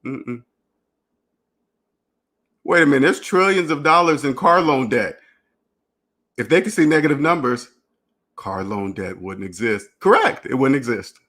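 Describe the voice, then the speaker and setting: A man's voice: fairly high pitch, expressive, normal speed, pauses often, a bit bright. A man hosting a finance channel, talking in a rambling, repetitive solo monologue and acting out imagined dialogues. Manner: repetitive, restarts phrases, emphatic.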